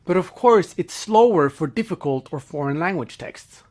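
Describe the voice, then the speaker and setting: A man narrates a learning lesson in a scripted, explanatory way. His voice sits somewhat high for a man. He keeps an even, informative delivery. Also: normal speed.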